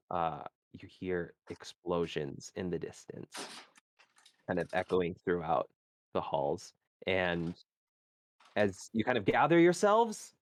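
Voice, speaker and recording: A man narrating a tabletop game as game master on a live stream, halting and searching for words as he describes the scene. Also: deep voice, dry recording.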